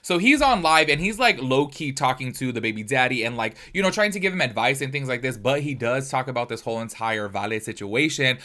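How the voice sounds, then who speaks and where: A man's voice: lively intonation, fairly quick, hardly any pauses, pushed and bright. A man in the middle of his range talks through online drama as a commentary host. His delivery is casual and chatty, sprinkled with slang and fillers. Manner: chatty, with slangy fillers like "low-key" and "y'all".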